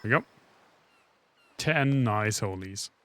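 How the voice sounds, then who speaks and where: A man giving casual, joking commentary while playing a game, sarcastic and quick to swear and laugh. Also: fairly low pitch, expressive, a bit bright, no room sound.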